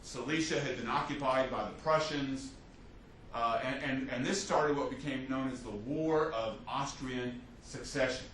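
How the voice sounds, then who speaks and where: A man teaching a history class as a lecturer, telling the story with lively restarts and fillers. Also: mid-range voice, unhurried. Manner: animated storytelling with many restarts. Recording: echoey classroom from a distance, faint hiss.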